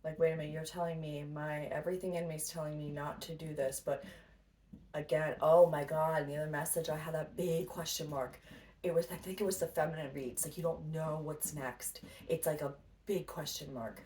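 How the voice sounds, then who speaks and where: Low-voiced swearing tarot reader woman. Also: fairly even intonation, brisk, a little mellow. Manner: blunt, swears freely, laughs a lot. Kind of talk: casual spiritual pep talk. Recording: distant mic with faint noise.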